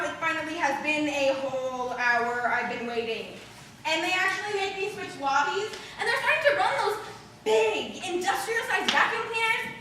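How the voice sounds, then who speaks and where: A woman's voice: very high voice, bright, forceful tone, exaggerated voice. A woman performing a theatrical monologue as a restless, emotional woman, telling her story in a charged, confessional way. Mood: exasperated. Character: restless, ungrateful woman stranded waiting, emotional. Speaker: stage actor performing a monologue. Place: theater stage. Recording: distant echoey hall recording with background noise.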